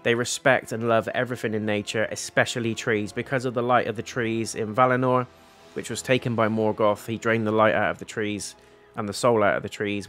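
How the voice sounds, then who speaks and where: A channel host reviews a TV episode casually, his lowish voice fairly bright as he retells the plot in a rambling way, paraphrasing quotes, using fillers and swearing bluntly at times.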